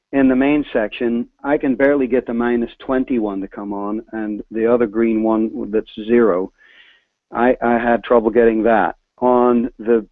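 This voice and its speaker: A man calling in with a halting, self-conscious question about his recording setup, with frequent restarts. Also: medium pitch, dry recording. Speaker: caller. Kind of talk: hesitant call-in question. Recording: tinny phone line.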